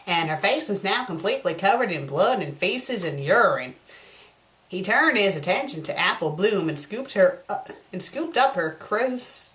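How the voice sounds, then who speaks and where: A woman's voice: mid-range voice, fairly bright tone. A woman hosting a review show, reading a story aloud in a put-on Southern US drawl and breaking off for mocking, exasperated asides. She sounds a little tipsy. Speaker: fanfiction critic host.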